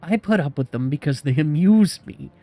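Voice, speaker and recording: A man doing a huge booming jolly merchant. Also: expressive, moderate pace, dark tone, no echo, natural voice. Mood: jovial. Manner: hearty, teasing, grandly polite. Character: enormous jolly male merchant, booming and mirthful.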